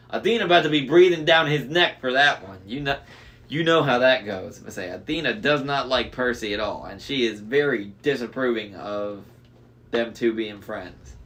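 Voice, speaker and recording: A man's voice: medium pitch, moderate pace, a bit bright. A man reading a novel aloud, who drops in casual asides and restarts lines after slips. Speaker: reader.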